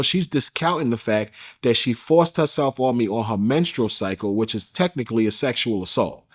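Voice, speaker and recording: A man's voice: medium pitch, animated, normal speed, few pauses. A man being interviewed, telling a personal story in a casual, emphatic way with plenty of slang. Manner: emphatic, slangy, addresses listener as bro. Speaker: interview guest.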